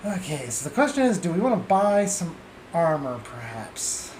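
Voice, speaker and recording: Streamer with dry asides, lively pitch. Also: moderate pace, reverberant, slight background noise. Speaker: streamer playing a game. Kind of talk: casual game commentary.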